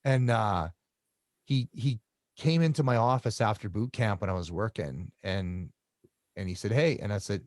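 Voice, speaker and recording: A middle-aged man telling stories in a casual interview, halting and often repeating his words as he restarts sentences. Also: on the low side, darkish tone, dry recording, studio quality. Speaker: guest.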